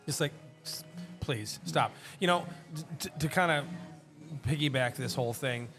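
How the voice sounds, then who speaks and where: A man's voice: on the high side, brisk, music in the background. A man co-hosting a casual podcast chat, talking emphatically and philosophizing about people. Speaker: podcast co-host.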